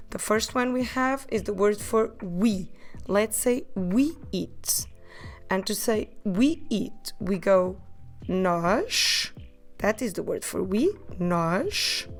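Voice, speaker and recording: A woman teaching a podcast language lesson, modelling words slowly and carefully and having listeners repeat after her. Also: mid-range voice. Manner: slow, careful pronunciation drills with repetition.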